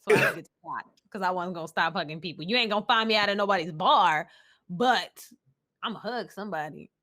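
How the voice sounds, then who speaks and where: A woman's voice: fairly low pitch, quick pace, bright, forceful tone. A young woman co-hosting a podcast in casual chat, openly emotional and laughing often as she talks. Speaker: podcast co-host.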